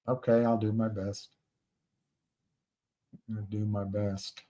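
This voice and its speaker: Slow, halting man livestreaming alone. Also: fairly low pitch, level tone, mellow. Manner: slow, halting, with many restarts and fillers. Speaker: livestream host. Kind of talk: casual livestream commentary.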